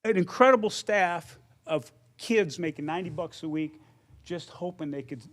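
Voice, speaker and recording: An older man with a somewhat high voice gives an anecdotal acceptance speech. He talks conversationally and acts out the lines of the people in his stories. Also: normal speed, fairly bright tone. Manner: conversational storyteller who acts out quoted dialogue. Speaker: hall of fame inductee.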